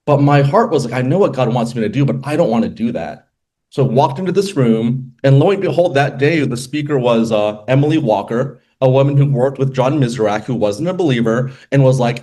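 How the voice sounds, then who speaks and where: Man, mid pitch, personal testimony, casual storytelling, acts out quotes, chatty asides. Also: expressive, brisk, dark tone. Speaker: attorney sharing a testimony. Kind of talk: personal testimony at a group meeting.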